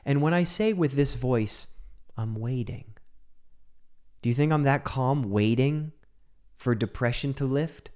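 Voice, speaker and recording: A man speaks at a middle pitch, telling a personal story in a heartfelt talk. He drops to hushed whispers, then breaks into emphatic, dramatic bursts. He talks into a microphone. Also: normal speed. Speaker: speaker on mental health.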